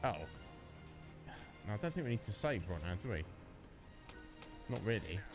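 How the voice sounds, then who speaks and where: A man casually commenting while he plays a video game on a live stream, chatty and quick to mimic the characters. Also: fairly low pitch, big pitch swings. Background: game music.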